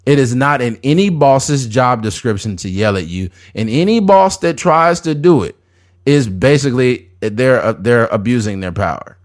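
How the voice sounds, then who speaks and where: A man's voice: mid-range voice, lively intonation, moderate pace. A man in his thirties hosting a podcast in casual chat, blunt, profane and emphatic. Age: 30s. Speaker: podcast host.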